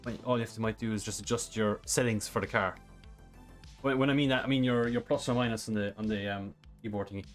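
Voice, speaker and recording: A man's voice: fairly low pitch, steady tone, fast, soft background music. A man streaming a driving game, reading chat questions and explaining a track in a casual, rambling way. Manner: casual, rambling, many fillers. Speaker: sim racing streamer.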